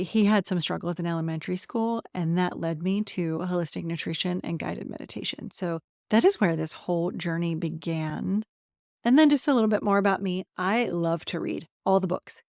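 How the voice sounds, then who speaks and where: With a lowish voice and darkish tone, this woman from central Pennsylvania, in her forties, hosts her personal solo podcast. She's a somatic transformation coach who speaks candidly about herself and laughs a lot, recorded with studio quality and no room sound.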